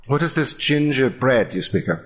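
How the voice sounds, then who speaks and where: A man's voice: medium pitch, expressive, normal speed, close to an everyday voice. A man voicing a nervous townsman in a put-on British accent, stammering and hesitant, in a remotely recorded tabletop role-play. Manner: hesitant, stammering, full of ums. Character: nervous townsman hiding in a tavern.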